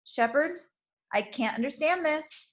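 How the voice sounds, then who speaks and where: A timid, frightened young woman, put on by a woman reading a storybook aloud, her voice climbing high as she pleads and cries out. The voice sits well above the reader's own, thin with fear. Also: animated, measured pace. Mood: pleading.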